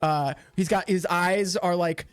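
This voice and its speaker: High-voiced casual male game master. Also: steady tone, measured pace, clean tone, dry recording, soft background music. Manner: casual, filler-heavy narration. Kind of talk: narrating a tabletop game.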